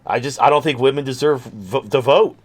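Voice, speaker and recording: A man hosting a livestream who rants at length, swearing freely and laying the sarcasm on thick. His voice sits at an ordinary middle pitch, and his talk rambles, full of restarts. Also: fairly quick, breathy edge. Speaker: show host. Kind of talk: livestream rant.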